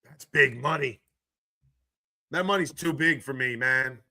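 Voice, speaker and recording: A hoarse man hosting a casual live stream about football news, excitable and laughing often as he reads the chat aloud. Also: mid-range voice, a little slow, no echo, clean studio sound. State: hoarse from screaming.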